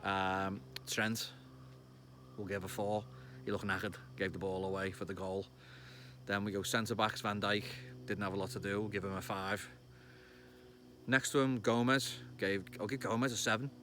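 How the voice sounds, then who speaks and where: A man in his thirties with a Liverpool accent, chatting excitedly outdoors about a football match, swearing and bursting into loud shouts. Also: on the low side, normal speed, pauses often, slight background noise. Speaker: football fan vlogger. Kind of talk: casual match reaction vlog. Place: outdoors among trees.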